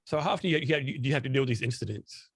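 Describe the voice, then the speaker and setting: A male podcast host cuts in with quick, short questions, speaking very fast. His voice is husky, and his pitch sits in an ordinary middle range. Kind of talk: interviewer asking questions.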